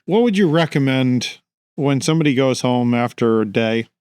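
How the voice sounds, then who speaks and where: A man hosting a podcast, asking a guest plain, measured questions. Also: mid-range voice, animated, darkish tone, clean tone, dry recording, studio quality. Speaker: podcast host. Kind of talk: interview questions.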